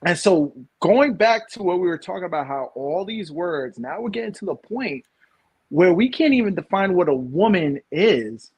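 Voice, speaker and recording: Animated and at normal speed, a thirty-something New York man co-hosts a casual opinion podcast. His voice is a bit husky and slightly high, and he rambles and restarts repeatedly before driving home his main points.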